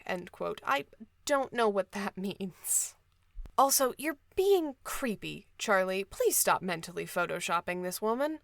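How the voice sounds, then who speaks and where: A woman's voice: mid-range voice, expressive, a little slow, gravelly, no echo. Woman recapping a book, dry close sound, sarcastic little jabs. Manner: wry, sarcastic asides. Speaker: podcast host. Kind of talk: book summary with commentary.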